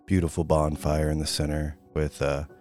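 A man's voice: very deep voice, monotone, a little mellow, faint music behind. A man narrating and playing characters in a tabletop role-playing game, rambling with many fillers. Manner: rambling, fillers, switches into quick character voices. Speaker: player and narrator.

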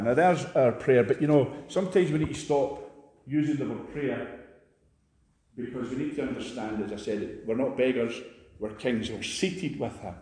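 A man's voice: moderate pace, warm tone, reverberant. A man preaching a sermon in a church, emphatic and rousing. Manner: emphatic, rousing, jumps high for stress.

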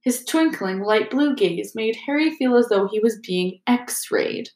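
A woman narrating an audiobook in a measured, expressive way. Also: fairly high pitch. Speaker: audiobook reader. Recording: roomy echo.

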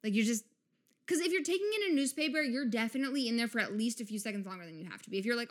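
A woman hosting a podcast, ranting in a casual, sarcastic comic monologue, swinging between loud outbursts and muttered asides. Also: fairly high pitch, animated, very fast. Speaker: podcast host.

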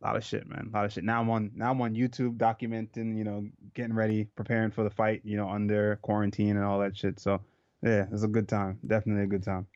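A man's voice: fairly low pitch, monotone, fast talker, darkish tone, no echo, dull audio. A man from Jamaica who is a professional fighter, talking in a loose, casual way and swearing freely. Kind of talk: casual interview chat.

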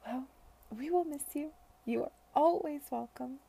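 Kindly young wife, read by a woman, fond, slightly lifted voice with a little fry. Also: high voice, a little slow, mellow, pitched above the performer's own voice. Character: kind, affectionate young married woman.

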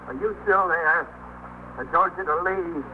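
A paranoid armed man, high-pitched. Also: a little slow. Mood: ranting. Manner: agitated, repetitive, swings between threats and self-pity. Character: unstable man barricaded with a gun, paranoid and bitter. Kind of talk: 1950s radio drama acting. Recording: tinny old radio broadcast with faint hiss.

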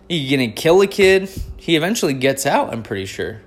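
A man's voice: a little high, big pitch swings, brisk, husky. A man in his forties hosts a podcast, telling stories in a casual, profane, slangy way and calling listeners "dude". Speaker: podcast host. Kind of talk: casual storytelling chat.

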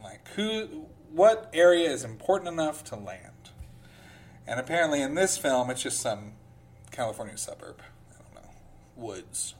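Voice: medium pitch, big pitch swings, normal speed, a little hiss or hum. A podcast host reading film reviews aloud in a casual way, with sarcastic asides between the quotes and a slide into a pompous reading voice.

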